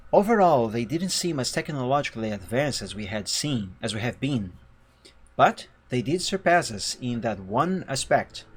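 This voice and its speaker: Animated man streaming a visual novel. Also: medium pitch. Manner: animated, chatty, laughs often. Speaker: game streamer. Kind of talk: live-stream reading a visual novel aloud and chatting. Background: faint game music.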